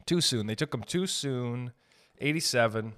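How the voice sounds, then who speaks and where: A man's voice: medium pitch, expressive, unhurried, a bit bright. A young man hosting a comedy podcast, riffing through a profane, rambling monologue and laughing at his own jokes.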